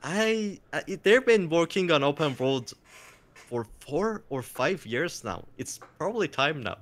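Bright-voiced, animated young man. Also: on the high side, unhurried. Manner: animated, jokey, playful mock voices. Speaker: interview guest, content creator. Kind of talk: excited casual chat.

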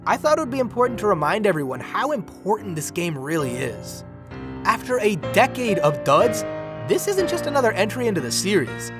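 A young man narrating a scripted comedic video game review in a dry, sarcastic, self-deprecating way. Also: high voice.

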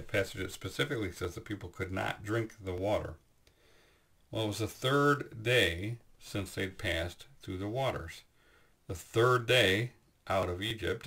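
A man giving a Bible teaching, explaining scripture in a measured way with frequent pauses and fillers. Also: on the low side, fairly bright tone.

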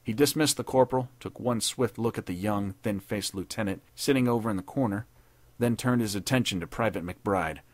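A man narrating a 1930s pulp war story in a measured, dramatic reading. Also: fairly low pitch, dry recording. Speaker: podcast narrator.

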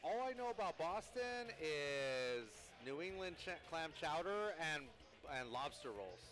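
A man's voice: fairly high pitch, very animated, unhurried. A man on a fighting game stream who is visiting the city, chatting casually and playfully asking his co-host about it. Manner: curious, playful, repeats words back. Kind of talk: casual stream commentary chat. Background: background music.

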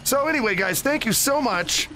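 A man's voice: extremely high pitch, lively intonation, moderate pace, pushed and bright, a little hiss or hum. A man playing a VR game, chatting animatedly, swearing and talking to the characters. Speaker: gaming host. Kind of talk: VR game let's play commentary. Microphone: VR headset.

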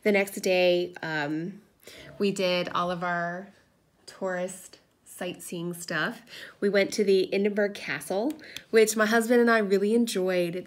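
Woman, 30s, crafting vlogger at home, relaxed chatty storyteller, filler-heavy. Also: medium pitch. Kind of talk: casual chat while crafting. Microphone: camera propped on a table.

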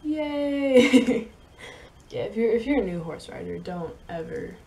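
A young woman vlogging, telling a story in a rambling, halting way with many fillers and soft laughs. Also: on the low side, creaky. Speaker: vlogger and horse rider. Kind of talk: casual storytelling to camera.

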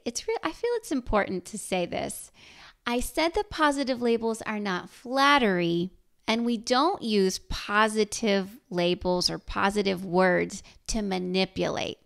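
Slow, gentle woman podcast host. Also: medium pitch, creaky, clear, resonant tone. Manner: gentle, encouraging, unhurried. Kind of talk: scripted podcast talk to mothers.

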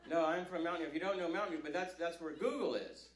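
A man's voice: a little high, fast. A man from Northern California doing a rambling, self-deprecating stand-up set on a comedy club stage. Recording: live club recording, roomy with crowd.

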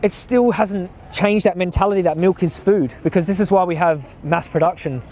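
An Australian man talking earnestly with strangers on the street, pressing his point with halting restarts. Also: sits high, a little mellow, slight background noise. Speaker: vegan street activist. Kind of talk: casual street persuasion. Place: outdoors on a city street.

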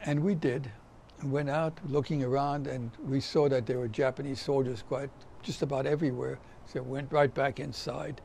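A man's voice: medium pitch, steady tone, normal speed, gravelly, darkish tone, slight background noise. An older man giving a survivor testimony, recounting his memories as a vivid storyteller who acts out the voices of the people he quotes.

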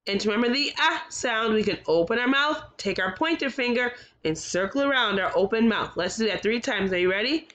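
A woman teaching a recorded kindergarten phonics lesson, sounding out letters slowly and carefully with encouraging praise. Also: a little high, animated, a bit bright.

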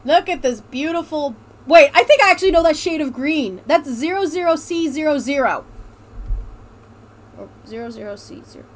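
A woman's voice: high-pitched, animated, normal speed. A woman hosting a let's play, joking, swearing freely and laughing often as she comments on a game. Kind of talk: casual gaming commentary.

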